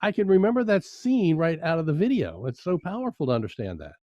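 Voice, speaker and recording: A man's voice: a little high, sing-song, fast, mellow, no room sound. A man chatting in a casual interview, an enthusiastic, emphatic storyteller. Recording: dry, slightly dull sound.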